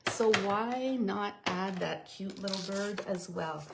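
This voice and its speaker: A woman's voice: mid-range voice, slow pace, vocal fry, echoey room, very noisy. A woman leading a live card-making tutorial, chatting and explaining each step while reading viewer comments.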